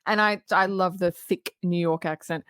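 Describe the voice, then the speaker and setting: A woman's voice: fairly low pitch, moderate pace, clear, resonant tone, no echo. Woman podcast cohost gushing over a film, dry close sound. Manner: animated retelling with quoted lines. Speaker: podcast co-host. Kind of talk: casual movie review chat.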